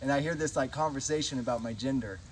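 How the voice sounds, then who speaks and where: A man speaking to a group outdoors, telling self-deprecating stories in an animated way. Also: medium pitch, quick pace, slight background noise. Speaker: devotional speaker and host. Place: outdoors in a grove.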